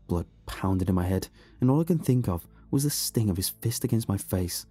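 A man reading a horror story aloud in a slow, hushed, brooding way. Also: deep voice, breathy edge. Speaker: narrator. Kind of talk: scripted horror narration.

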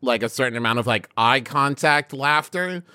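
A man in his thirties co-hosting a comedy podcast, wry and playful, tossing in quick asides. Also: medium pitch, sharp tone, clear, resonant tone, no room sound, studio quality. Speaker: podcast co-host. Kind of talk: casual comedic chat.

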